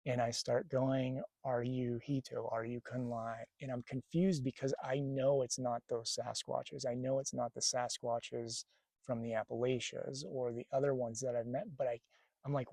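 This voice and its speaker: Gravelly-voiced man telling a story outdoors. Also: medium pitch, normal speed, no echo. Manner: rambling, animated retelling with quoted dialogue. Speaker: spiritual vlogger. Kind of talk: casual storytelling to camera. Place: outdoors near a lake. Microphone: camera mic.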